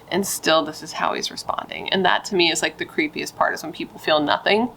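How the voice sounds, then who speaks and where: A woman's voice: on the low side, vocal fry, fairly bright tone, a little hiss or hum, poor audio. A young woman telling a true crime story in a casual, blunt way, chatting and swearing with rambling asides.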